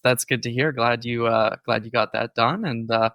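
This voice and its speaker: A man co-hosts a podcast and lays out each topic in an informative, explanatory way. He pauses on the odd filler but keeps a steady thread. His voice is close and completely dry. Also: mid-range voice, no echo, muffled recording. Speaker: podcast co-host. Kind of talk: casual podcast chat.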